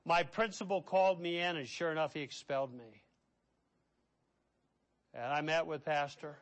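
A middle-aged man preaching a sermon as pastor. He swings between hushed, quiet passages and loud, impassioned ones. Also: fairly high pitch, fairly even intonation, normal speed.

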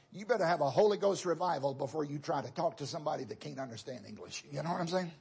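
A man's voice: on the high side, animated, fast, vocal fry, a little mellow, breathy edge. A man preaching a sermon, talking straight to his congregation in a loose, conversational way that circles back and repeats itself.

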